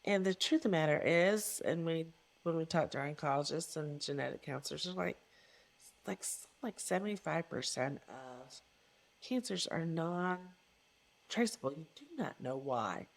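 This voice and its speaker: A woman's voice: low-pitched, expressive, normal speed, creaky. A middle-aged woman, a coach, speaking as a guest in an interview with an earnest, emphatic manner and repeated phrases for stress. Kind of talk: reflective interview conversation.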